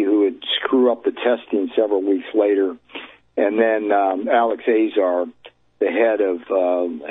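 A husky man speaks as a guest author over a thin, tinny telephone line. He tells his account emphatically and combatively, landing each point hard. The sound is dry and close. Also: on the low side, no room sound. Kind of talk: phone-in interview.

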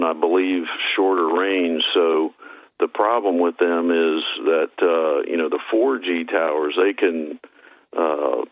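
A man calling in to a radio talk show, speaking in a halting way. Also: low voice, no room sound. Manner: halting, many fillers and restarts. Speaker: caller. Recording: tinny phone line.

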